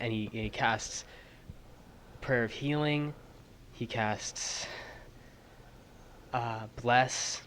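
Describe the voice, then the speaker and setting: A man playing a tabletop role-playing game, describing his character in slow, hushed, emotional storytelling. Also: mid-range voice, slight background noise. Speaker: player.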